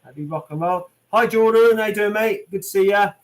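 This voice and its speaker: High-pitched and a little fast, this British man is a channel host fielding live chat during a Q&A stream. He reads viewer comments aloud in a casual, chatty way, full of "um" and "mate."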